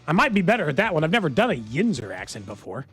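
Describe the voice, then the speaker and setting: Radio guy, high voice all over the place, talks fast and laughs a lot. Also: husky, soft background music. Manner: animated, laughing banter. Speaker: radio co-host. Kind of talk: casual sports radio chat.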